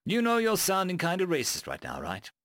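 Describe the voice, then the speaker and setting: A man voicing a sardonic human woman crewmate with a wry, deadpan manner. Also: sits high, brisk, no echo, clean studio sound, full character voice.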